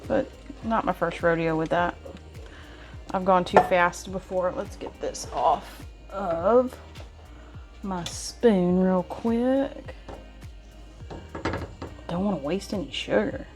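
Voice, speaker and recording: Over loud music, a woman with a fairly low voice speaks slowly and leaves long pauses. She's a home cooking vlogger giving a casual demonstration, chatty and folksy as she stirs and addresses her viewers.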